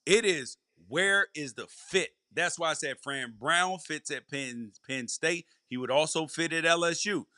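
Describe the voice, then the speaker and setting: A man hosting a live sports podcast, delivering emphatic commentary and circling back to stress each point. His voice sits high and rings bright and forceful. The sound is dry and close. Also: unhurried, hardly any pauses, dry recording. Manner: emphatic, repeats key points. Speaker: podcast host; former college football player. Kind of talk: live college football commentary.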